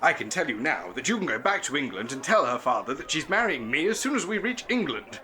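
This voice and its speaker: An actor playing an eccentric, jolly English gentleman adventurer in a comic radio play, plummy and prone to chuckling. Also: a little high, sing-song, fast. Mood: indignant.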